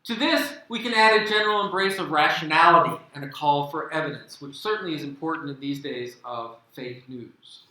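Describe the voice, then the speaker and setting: An American man giving an animated conference keynote talk, with emphatic delivery and sarcastic asides. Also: on the high side, very echoey, poor audio. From United States. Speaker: keynote speaker. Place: conference hall.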